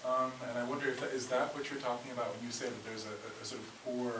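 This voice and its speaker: A man's voice: medium pitch, level tone, quick pace. A man in the audience asking a hesitant question during a university talk, with many fillers and restarts. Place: university lecture hall. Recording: distant voice in an echoey hall with loud noise.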